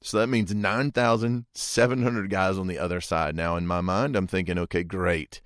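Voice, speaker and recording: Pastor, male, lowish voice, dry close sound, chatty storytelling sermon with rhetorical asides. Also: fairly even intonation, moderate pace, dry recording. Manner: folksy, imagines aloud, asks listeners rhetorical questions.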